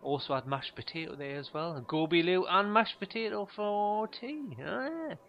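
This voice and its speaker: A man's voice: sits high, moderate pace, pitched above the performer's own voice. A man voicing an overfamiliar male shop worker who chirps guesses about a customer's shopping, in a lo-fi recording. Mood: nosy, chirpy.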